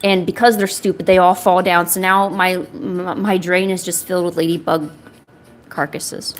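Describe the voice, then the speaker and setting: A woman's voice: fairly low pitch, level tone, normal speed. A young woman streaming while she draws, chatting casually in a rambling, self-deprecating, jokey way. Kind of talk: casual chat while drawing.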